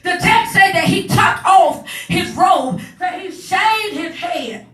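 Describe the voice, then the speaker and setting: High, bright woman preaching in an echoey hall. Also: lively intonation, distant mic. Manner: builds from low, measured teaching to shouted, rising preaching. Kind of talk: sermon.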